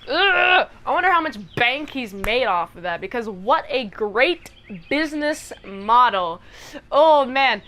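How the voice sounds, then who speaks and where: A woman's voice: a little high, a little slow. A young woman casually recapping a TV episode and acting out the characters as she tells it. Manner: animated storytelling that acts out the characters. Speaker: reviewer.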